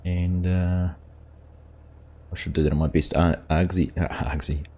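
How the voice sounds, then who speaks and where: A man's voice: low voice, level tone, a little slow, warm tone. An Australian man hosting a live game stream, casually chatting and greeting viewers in chat by name as he plays. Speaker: gaming streamer host.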